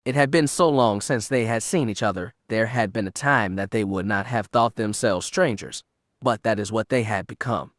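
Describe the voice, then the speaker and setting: With a lowish voice, a man narrates an audiobook at a steady, measured pace. The recording has studio quality and no room sound.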